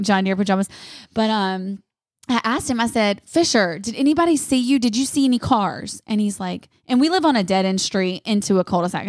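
A young woman is chatting on a podcast and telling a lively story. She speaks at an even middle pitch. Her voice is dry and close, with almost no room sound. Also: no room sound. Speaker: podcast co-host. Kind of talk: casual chat.

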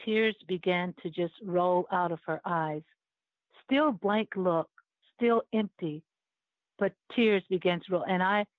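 A woman's voice: medium pitch, no room sound. Older woman telling a story over a tinny line. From United States. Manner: earnest, emotionally moved storytelling. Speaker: guest, Olympic chaplain. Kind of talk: personal storytelling in an interview. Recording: tinny phone-like line, dry.

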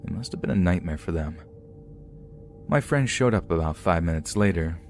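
Man, very deep voice, calm measured narration, scary story podcast reader. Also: faint music behind. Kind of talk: scripted narration of reader-submitted scary stories.

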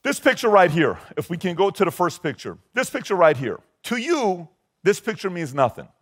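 A man's voice: high voice, very animated, normal speed, slightly rough. A man in his forties, from Iran, giving an emphatic talk to a live audience and firing rhetorical questions at the crowd. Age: 40s. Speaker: motivational speaker.

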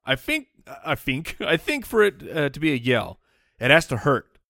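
This man has a bright, forceful voice with a very lively pitch. He co-hosts a podcast and cuts in with quick, jokey remarks in casual chat. The sound is dry and close. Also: gravelly, dry recording. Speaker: podcast co-host.

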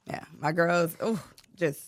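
A woman in her thirties from Chicago, a podcast guest with a deep, raspy voice, chatting in a confident, playful way. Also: takes it slowly, no room sound. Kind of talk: casual chat.

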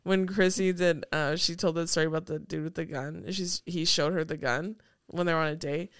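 A young woman in her twenties holds forth on a podcast, cursing freely and jumping into the voices of the people in her story. Her voice is clear and crisp, recorded close and dry with no room around it. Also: low-pitched, a little fast, dry recording. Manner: animated storytelling, swears a lot, acts out quotes. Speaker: podcast co-host. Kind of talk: casual chat.

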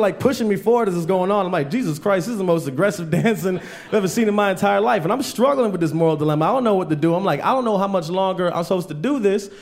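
Man, stand-up comedian, high voice, storytelling, acts out the people in his stories. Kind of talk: stand-up set. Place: comedy stage with live audience.

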